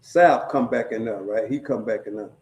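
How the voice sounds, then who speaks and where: Warm-voiced man telling street stories. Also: on the low side, normal speed. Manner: profane, streetwise, keeps checking in with "right?". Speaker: storyteller sharing prison stories. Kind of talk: casual storytelling. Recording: echoey room.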